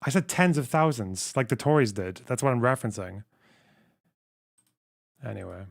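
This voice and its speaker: A man's voice: medium pitch, expressive, moderate pace, vocal fry, dry recording, clean studio sound. A man hosting a live stream, reacting with profane, combative exasperation. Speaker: streamer host.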